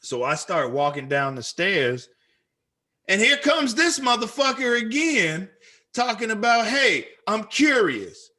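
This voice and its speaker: A man with a Chicago accent telling a story on a podcast, animated and profane, acting out what people said. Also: high-pitched, unhurried. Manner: animated, profane, acts out quoted lines. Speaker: podcast co-host. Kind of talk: casual storytelling chat.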